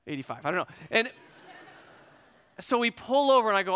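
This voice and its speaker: A man preaching a sermon, telling a lively personal story and acting out both sides of the conversation before turning to scripture. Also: sits high, brisk, long pauses, clean tone. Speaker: pastor.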